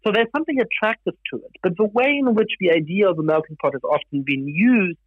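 A man who grew up in Germany, a guest giving thoughtful, measured interview answers with some fillers. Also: high-pitched, lively intonation, slightly rough, dry recording, phone-quality sound.

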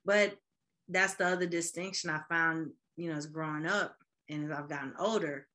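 A woman in casual podcast chat, animated, laughing often and acting out quoted voices. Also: low-pitched, moderate pace. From Midwest.

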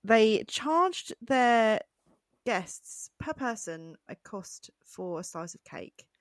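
A woman's voice: fairly high pitch, slow, no echo. A woman co-hosting a wedding podcast, telling a funny story with lots of laughter. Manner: giggly, animated storyteller. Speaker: podcast co-host. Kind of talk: casual chat.

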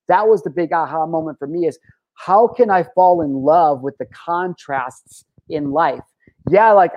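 A man's voice: a little high, darkish tone, rough recording. A man in his thirties talking to camera in a casual, rambling personal vlog, emotional and full of restarts. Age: 30s. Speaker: vlogger.

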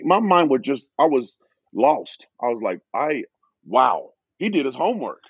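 Animated man telling a story, husky voice. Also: a little slow, dry recording, muffled recording. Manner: animated storyteller, acting out quoted exchanges in a higher voice. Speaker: guest, former pro football player. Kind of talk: storytelling in a podcast interview.

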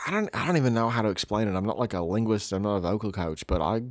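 A man's voice: lowish voice, lively intonation, racing, few pauses, dry recording. A young man co-hosting a podcast, trading sarcastic, profane jabs. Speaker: podcast co-host. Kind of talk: casual banter.

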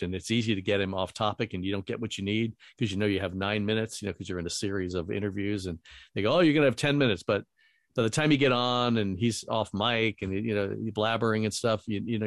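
A man's voice: lowish voice, no echo, clean studio sound. A middle-aged man, a radio host, telling rambling anecdotes full of quoted dialogue in a casual way. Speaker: radio host and voiceover talent. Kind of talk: casual storytelling.

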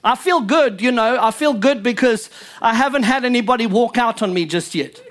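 A man's voice: very high-pitched, normal speed, fairly bright tone. A male pastor preaching a sermon in church, emphatic and joking with his congregation.

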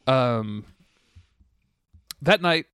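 A young man chatting casually on a podcast, rambling and swearing freely as he recaps. His voice sits at a middle pitch in a dry, close recording. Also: expressive, drawn-out words, fairly bright tone, clear, resonant tone, dry recording. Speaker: podcast co-host. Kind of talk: casual chat recapping a TV episode.

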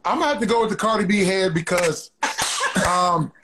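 A man's voice: high-pitched, a little fast, fairly bright tone. A comedian in his thirties, a man, chatting loosely and telling boastful stories as a guest. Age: 30s. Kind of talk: casual podcast chat.

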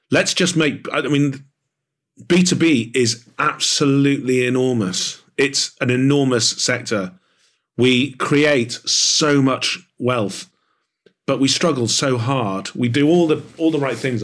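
Enthusiastic male author guest. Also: medium pitch. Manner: animated and enthusiastic, many fillers. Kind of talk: podcast interview.

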